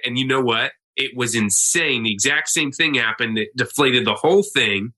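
A man's voice: medium pitch, normal speed, pushed and bright. A man who is a pastor, telling a story in a casual, earnest conversation.

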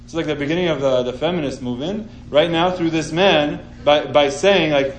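A man teaching an informal scripture class, telling the story with animated sarcasm. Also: on the high side, brisk, few pauses, echoey room, poor audio.

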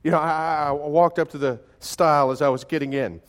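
Speaking a little high, a pastor preaches in a folksy, chatty manner, telling stories. His delivery swings from quiet and slow to loud and excited, with frequent restarts.

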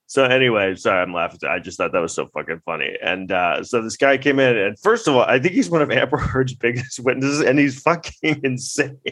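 A man's voice: medium pitch, animated, a little fast, hardly any pauses, a bit bright. A male vlogger in casual commentary, rambling, swearing freely and breaking into laughter often.

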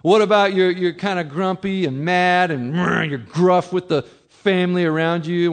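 A man's voice: a little high, lively intonation, a little fast, few pauses. Conversational man preaching a sermon. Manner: conversational preaching, acts out listeners' objections. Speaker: pastor.

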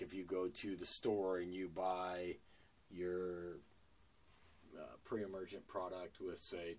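Low-voiced man talking lawn care. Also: distant mic. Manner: relaxed, plain-spoken, many fillers. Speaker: lawn care business owner. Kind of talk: casual podcast conversation.

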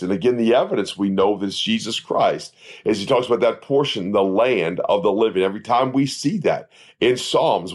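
A man's voice: fairly low pitch, slightly rough. A man teaching a Bible study on his podcast, preaching earnestly and quoting scripture in old-fashioned wording. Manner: earnest preaching with rising emphatic peaks.

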